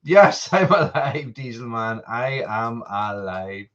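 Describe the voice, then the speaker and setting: A man's voice: mid-range voice, animated, takes it slowly, fairly bright tone, highs cut off. A middle-aged Irish man hosting a casual live stream from his home, a little out of breath, rambling and greeting viewers by name. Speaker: livestream host. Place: family home.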